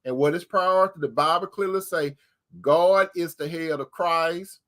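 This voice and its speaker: A man's voice: fairly high pitch, moderate pace, fairly bright tone. A man hosting an advice talk, telling a personal story in a preacherly way, repeating his points and addressing listeners as brothers and sisters. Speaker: channel host.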